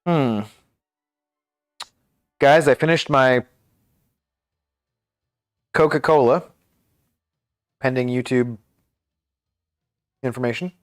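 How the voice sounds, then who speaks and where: A man's voice: mid-range voice, takes it slowly, long pauses, soft background music. A man in his thirties, a live streamer chatting casually and rambling as he answers viewer messages.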